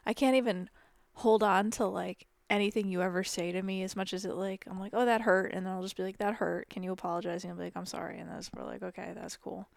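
A woman co-hosting a podcast talks in a mid-range voice, frank and animated. She acts out her own past lines while she talks. The recording is dry and close. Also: mid-range voice, fast talker, gravelly, dry recording. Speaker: podcast co-host. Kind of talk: casual chat.

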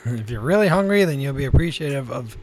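A co-host in a casual chat drops short quips. The voice sits at a middle pitch with a lively, swinging melody. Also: brisk, a little hiss or hum.

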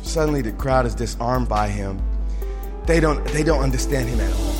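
A man preaching a sermon in an emphatic, animated way, with frequent asides and restarts. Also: medium pitch, moderate pace, big-room sound, over music. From suburbs.

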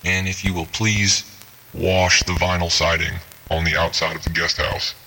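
A halting, gravelly old grandpa voice that is really a mimicking robot, put on by a man. It sits very deep and barely moves in pitch, with a bright rasp. Faint music plays behind the muffled message. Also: flat delivery, heavily acted. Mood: rambling. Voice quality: gravelly, halting, repeats words.

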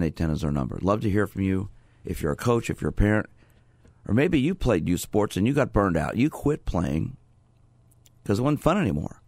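A man hosting a radio call-in show as a sports psychologist, talking in a steady, conversational way and inviting callers from a studio. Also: low-pitched, gravelly, dry recording.

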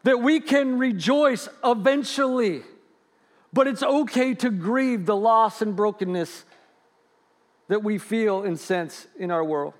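Brief: male pastor, very high voice, earnest, loud then hushed. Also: slow. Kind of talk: sermon.

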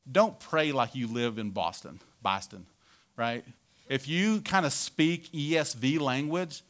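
A pastor gives a relaxed, conversational sermon, checking in with his listeners again and again. His voice sits at a middle pitch for a man. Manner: conversational preaching with frequent "right?" asides.

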